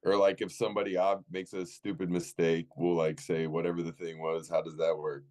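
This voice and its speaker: A man's voice: low-pitched, flat delivery, brisk, a little mellow. A young man co-hosting a casual chat, laid-back and teasing, with frequent swearing. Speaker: podcast co-host.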